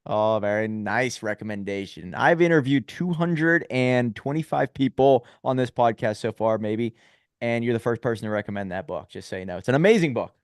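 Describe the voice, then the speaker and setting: A man's voice: mid-range voice, lively intonation, moderate pace, clean tone, no room sound, clean studio sound. A man hosting a podcast, interviewing a guest over a video call in an upbeat, casual way. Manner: friendly, upbeat interviewer asking questions. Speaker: podcast host.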